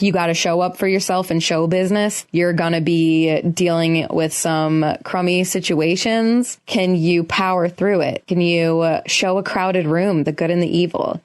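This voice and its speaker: A young woman hosting a solo podcast, talking in a casual, earnest and emotional way, often restarting her sentences, in a quiet room. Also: lowish voice. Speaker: podcast host.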